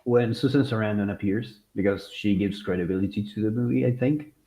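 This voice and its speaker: A man's voice: lowish voice, a little fast, warm tone. A man co-hosting a casual podcast, with joking, sarcastic asides. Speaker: podcast co-host. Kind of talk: casual chat.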